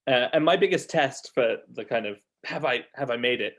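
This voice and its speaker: A man from England with an English accent, a guest accent coach talking in a relaxed way on a live stream. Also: mid-range voice, normal speed. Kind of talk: casual live-stream chat.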